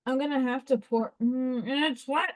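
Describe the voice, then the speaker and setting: A woman hosting a craft livestream, chatting casually and excitedly while she works and talks to herself. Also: high-pitched, moderate pace. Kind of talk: casual live-stream chat while crafting.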